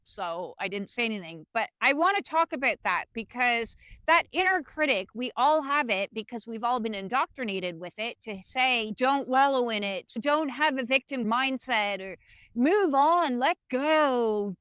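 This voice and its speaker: A woman speaking earnestly in a personal spiritual vlog, with a slightly high and very bright, forceful voice. She acts out her own inner voice as she talks. A clip-on mic gives a close, dry sound. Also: dry recording, rough recording. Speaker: spiritual vlogger. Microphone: fuzzy clip-on microphone.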